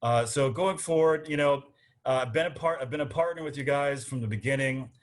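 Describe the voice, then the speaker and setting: A man's voice: mid-range voice, fairly quick. A man making his case to a virtual arts forum, earnest and rhythmic in his speechmaking. His voice comes through a video call. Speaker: city council candidate.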